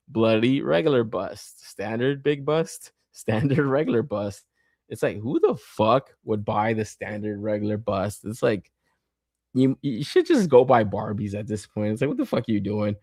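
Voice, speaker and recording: A man's voice: medium pitch, darkish tone, no echo, clean studio sound. A man hosting a podcast in a casual, rambling chat who laughs a lot and swears constantly. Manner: loose and rambling, with many fillers. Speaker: podcast host.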